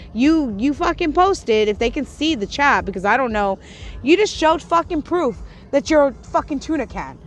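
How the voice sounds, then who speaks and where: A woman's voice: sits high, a little hiss or hum. A woman hosting a livestream, ranting in a profane, confrontational and scolding way. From Puerto Rico. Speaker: livestream host. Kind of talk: angry livestream rant.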